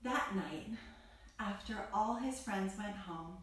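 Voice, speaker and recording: Slow, gentle woman telling a kids' story. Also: medium pitch. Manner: playful, greets the listener with bright rising calls. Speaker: kids yoga teacher. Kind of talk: storytelling for children. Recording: roomy echo from far off.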